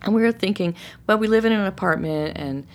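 A middle-aged woman telling a personal story in a casual, animated way, acting out what people said. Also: medium pitch, a little fast. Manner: animated, acts out quoted voices. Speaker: storyteller guest.

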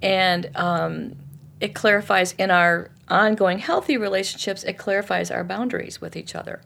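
A woman author being interviewed, teaching forgiveness in a lively, conversational way with frequent restarts. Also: medium pitch, moderate pace, gravelly.

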